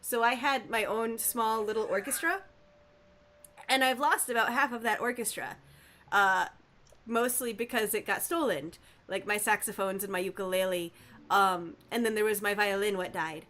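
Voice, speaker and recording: A woman streaming a game live, chatting casually and playfully with her viewers and reacting loudly to their messages. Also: medium pitch, moderate pace. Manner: animated, playful, reacting to chat.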